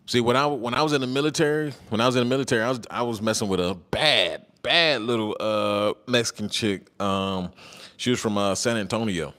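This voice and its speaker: A man's voice: lowish voice, fairly bright tone. A man hosting a casual livestream, reading viewer comments aloud in a loose, slangy way, repeating his phrases and laughing often.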